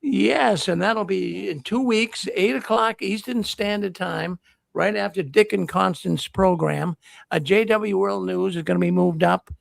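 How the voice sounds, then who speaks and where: Gravelly high-voiced older host. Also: male voice, a little slow, no room sound. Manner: folksy, rambling announcements. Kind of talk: casual livestream chat.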